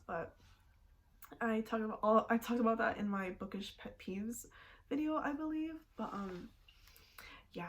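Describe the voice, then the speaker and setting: A young woman with a slightly high voice talks casually at home, recorded on a camera mic. She giggles often and leans on "like" as a filler, keeping a loose, chatty flow. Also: slight background noise. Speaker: booktuber. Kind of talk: casual chat.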